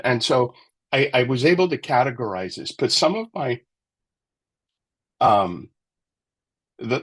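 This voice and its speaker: A man's voice: fairly low pitch, a bit bright. A man sharing his thoughts in a casual book club discussion, reflective and rambling.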